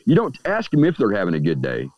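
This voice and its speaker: A man's voice: fairly low pitch, huge pitch swings, quick pace, dry recording. A man talking as a guest in a casual podcast conversation about everyday magic, who smokes a cigar as he talks and acts out the people he quotes. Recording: dull, dry lo-fi audio.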